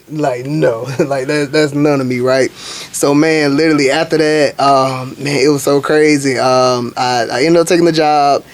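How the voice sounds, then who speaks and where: A young adult man from Alabama, a guest chef telling stories in casual, animated talk full of slang fillers. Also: medium pitch, moderate pace. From Montgomery, Alabama, US. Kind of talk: casual storytelling.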